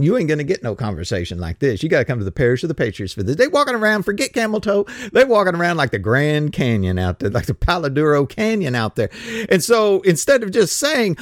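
Male preacher, rambling, sarcastic, sing-song swooping pitch, dry close sound. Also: sing-song, brisk, no echo. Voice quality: rambling, stumbling restarts, sarcastic. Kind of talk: casual podcast sermon.

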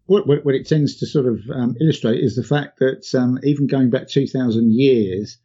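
Husky, dark-voiced man, flat and measured. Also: mid-range voice, lo-fi sound. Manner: measured, many ums and uhs. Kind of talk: casual discussion.

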